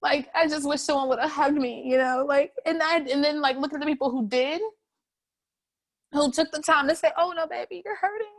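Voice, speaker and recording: A young woman recounts her life in an oral history interview. Her voice sits high and lively, and she laughs often while it catches with emotion. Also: normal speed. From North Carolina, USA. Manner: animated, laughing, voice breaking with emotion. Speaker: interviewee, street artist.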